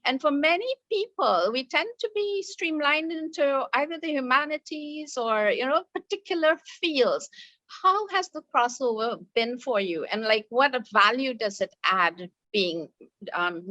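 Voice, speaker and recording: A woman hosting an interview, effusive and quick to laugh as she talks with her guest. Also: high-pitched, lively intonation, dry recording. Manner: warm, effusive, laughing often. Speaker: host. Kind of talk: conversational interview.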